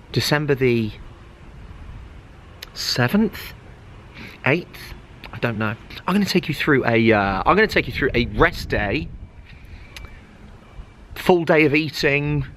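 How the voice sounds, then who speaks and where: A man's voice: mid-range voice, very animated, a little slow, long pauses, fairly bright tone. Jokey man vlogging amid traffic. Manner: jokey, banters with himself, chatty. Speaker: fitness vlogger. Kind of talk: casual vlog chat. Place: outdoor car park and supermarket. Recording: noisy outdoor traffic ambience.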